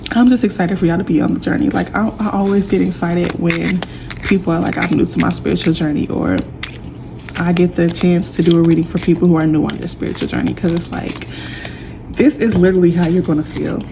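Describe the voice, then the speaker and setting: Chatty gravelly-voiced woman tarot reader. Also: on the low side, fairly even intonation, brisk, background noise. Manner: chatty, warm and emotional, says y'all a lot. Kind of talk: casual pick-a-pile tarot reading.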